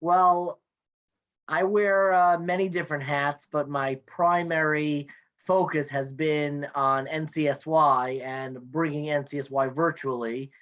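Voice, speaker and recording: A man's voice: on the high side, steady tone, a bit bright. A man in his thirties talking in a casual, playful way as a guest, joining by video call from his home office. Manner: chatty, playful, quick with jokes. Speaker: guest, NCSY education director. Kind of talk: casual interview chat. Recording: dull lo-fi video call audio.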